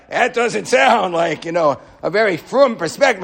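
A man giving a sermon as a rabbi, animated and repeating phrases for emphasis. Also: high-pitched, normal speed, gravelly, hardly any pauses, slightly rough.

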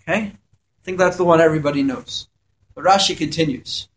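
A man's voice: a little high, fairly quick. A man teaching a Torah lesson to yeshiva students. He reads Hebrew verses aloud, translates them, and asks questions before answering them.

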